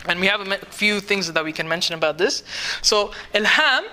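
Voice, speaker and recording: A man's voice: high-pitched, lively intonation, a little fast, sharp tone, a little hiss or hum. A man teaching a casual tafsir class, talking conversationally and mixing in Arabic phrases while checking that his students follow. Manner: mixes in Arabic words and phrases. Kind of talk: casual tafsir lesson to a small group.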